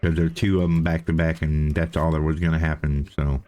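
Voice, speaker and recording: Deep-voiced man chatting through gameplay. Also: little pitch movement, fairly quick, dark tone. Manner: chatty, repeats himself while thinking aloud; playful self-talk. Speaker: let's play host. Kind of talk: casual gameplay commentary.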